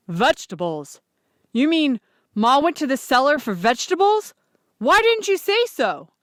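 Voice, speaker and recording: A woman's voice: on the low side, lively intonation, normal speed, dry recording, clean studio sound, close to an everyday voice. A woman reading aloud, voicing an earnest, anxious farmer father in a plain, near-natural voice.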